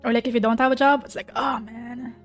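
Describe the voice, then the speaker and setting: A woman's voice: on the high side, level tone, fast. A young woman vtuber chatting casually about an anime she is watching, rambling and emotional with frequent restarts. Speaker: vtuber streamer. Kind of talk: casual chat reacting to an anime. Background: soft piano music.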